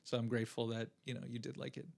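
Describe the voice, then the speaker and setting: A man's voice: medium pitch, flat delivery, racing, vocal fry, darkish tone. A young man co-hosting a podcast in casual chat, rambling with lots of fillers and restarts. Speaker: podcast co-host.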